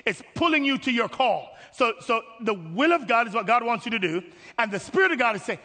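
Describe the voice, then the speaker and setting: A man preaching a sermon as pastor, animated, acting out voices and swinging from hushed tones to shouting. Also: extremely high pitch, quick pace. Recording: long hall reverb.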